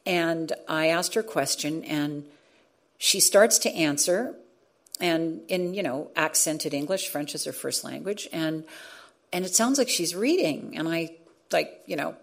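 A woman's voice: low-pitched, unhurried, vocal fry. A middle-aged woman, a radio journalist, telling a story earnestly in conversation, with frequent restarts. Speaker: radio journalist and former show host.

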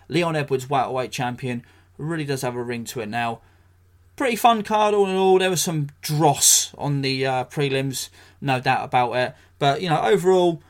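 An English man hosting a solo podcast, talking blunt and sweary, ranting with dry jokes. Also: medium pitch. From England. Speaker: podcast host.

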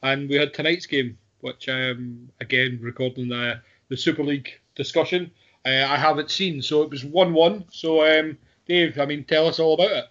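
A man's voice: a little high, steady tone, normal speed, fairly bright tone. A man hosting a football podcast, jokey and loose, often laughing as he talks. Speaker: podcast host. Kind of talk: casual football chat. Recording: muffled lo-fi audio with faint noise.

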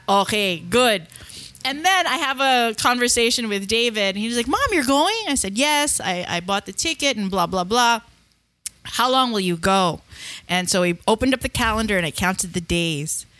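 A woman's voice: a little high, moderate pace, no echo. A middle-aged woman, chatting as a podcast co-host and telling stories with lots of laughter. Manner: lively storyteller, mixes Tagalog, laughs often. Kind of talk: casual chat, storytelling.

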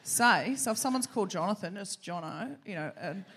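A woman's voice: medium pitch, expressive, a little fast, a bit bright, husky. A woman from Australia hosting a live comedy podcast on stage, talking in exclamations, repeating phrases and laughing as she goes. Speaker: host. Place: theatre stage before a live audience.

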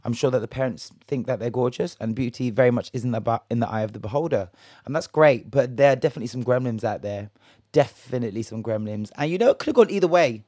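A man's voice: mid-range voice, quick pace, mellow, no room sound, clean studio sound. A man hosting a casual solo gossip podcast, chatty and jokey, swearing and rambling, a little tipsy. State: a bit tipsy. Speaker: podcast host.

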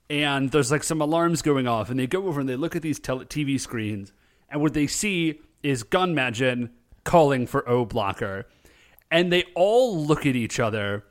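A man co-hosting a casual chat, retelling a show with lively voiced quotes. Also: a little high. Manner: animated storytelling with quick voiced quotes. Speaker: podcast co-host recapping a show.

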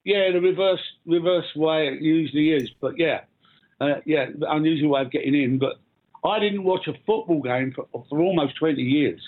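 Older London man, phone-in guest, relaxed anecdotal delivery, phone-quality audio. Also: a little high, normal speed. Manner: relaxed storytelling with laughs. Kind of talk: interview. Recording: tinny phone line.

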